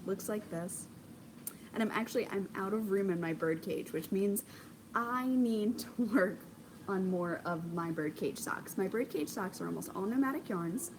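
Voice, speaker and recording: A woman's voice: mid-range voice, normal speed, noisy background. Gushing chatty woman knitting podcaster. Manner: gushing, chatty, many ums, bursts of excitement. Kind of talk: casual chat. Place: home craft corner, indoors.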